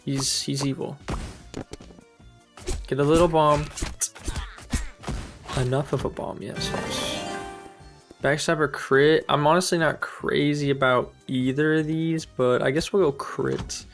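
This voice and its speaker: Young male streamer, raised pitch, gravelly, upbeat self-amused play-by-play, faint game music underneath. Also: fairly even intonation, slow, long pauses. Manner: chatty, upbeat, self-amused, thinks aloud. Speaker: gaming streamer. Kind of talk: casual let's-play commentary.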